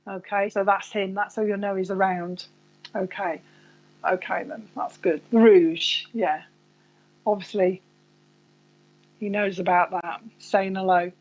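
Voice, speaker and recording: A woman medium runs a live reading for her online viewers, talking in a loose, rambling way and calling people by name. Her voice sits at an ordinary middle pitch. The stream audio is a little dull and lo-fi.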